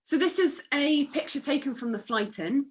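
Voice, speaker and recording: A woman's voice: high-pitched, normal speed. A woman giving an illustrated talk with slides, chatty and upbeat, with fillers. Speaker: guest speaker.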